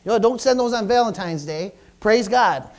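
Male preacher, very high voice, emphatic sermon, stammering restarts, call-and-response, church service. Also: animated, moderate pace. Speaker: pastor.

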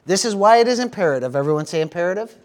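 A man's voice: sits high, lively intonation, rapid-fire. A middle-aged man from the United States preaching a sermon as pastor, peppering his talk with "praise the Lord" and "amen.".

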